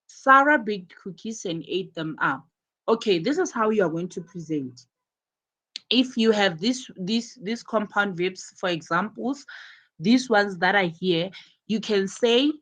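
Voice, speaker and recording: A woman English teacher talking her students through a lesson. She speaks very slowly and deliberately at a middling pitch, patiently repeating every example. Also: a bit bright. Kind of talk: live online class instruction.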